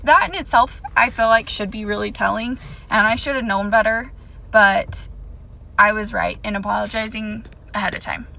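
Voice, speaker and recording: A woman's voice: medium pitch, moderate pace, gravelly, bright, forceful tone, low-quality recording. A young woman telling a personal storytime to camera, emphatic and indignant.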